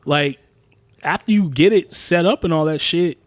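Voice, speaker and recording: Animated storytelling young man, dry mic. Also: moderate pace, no echo. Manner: animated storytelling, swearing, acts out quotes in a higher voice. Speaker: podcast co-host. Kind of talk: casual chat.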